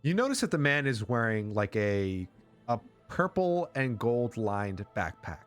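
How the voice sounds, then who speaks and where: A man's voice: medium pitch, big pitch swings, measured pace, soft background music. A man running a tabletop game as game master, narrating in a loose, rambling way full of likes and uhs. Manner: rambling, filler-heavy narration.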